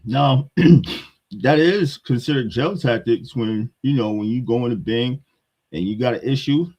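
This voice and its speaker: A man's voice: medium pitch, unhurried, a little mellow. A man with a New York accent, giving a blunt, heated hip-hop commentary rant that repeats its points.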